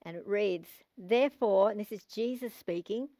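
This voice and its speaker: An Australian woman in middle age delivers a sermon, reading long scripture passages aloud. She leans hard on key phrases, slowing down and repeating them for emphasis. Her voice sits at an ordinary middle pitch and is recorded close and dry, with no room sound. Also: mellow, dry recording. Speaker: preacher.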